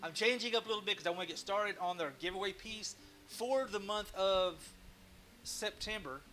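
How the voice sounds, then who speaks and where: A man with a high voice hosts a casual woodcarving live stream at a moderate pace, his tone sharp over a faint hiss or hum. He rambles and jokes at his own expense, restarting often.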